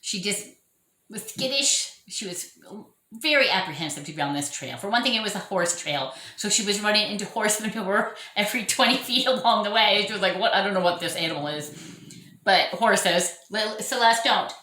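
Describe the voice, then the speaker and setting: A woman's voice: mid-range voice, expressive, moderate pace, pushed and bright. A middle-aged woman hosting her own channel, chatting casually and rambling with self-mocking laughs, recorded at home. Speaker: orchid channel host. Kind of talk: casual chat to camera. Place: home room. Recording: echoey room.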